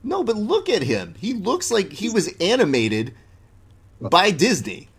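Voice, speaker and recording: A man's voice: sits high, huge pitch swings, measured pace, creaky, slightly rough. A young man hosting a podcast in a laid-back, slangy chat, full of "dude" and storytelling. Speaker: podcast host. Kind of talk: casual interview chat.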